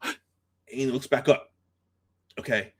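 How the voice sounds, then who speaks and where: A man hosting a video, telling a film's story in a casual, halting, animated way and acting out the scenes. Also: lowish voice, no echo. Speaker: host. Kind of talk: casual film retelling.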